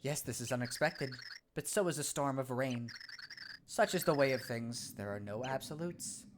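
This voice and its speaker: A man reading a calm, meditative tiny pixel spirit from a video game in a lowered, soothing voice. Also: normal speed, noisy background, close to an everyday voice. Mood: calm solemn.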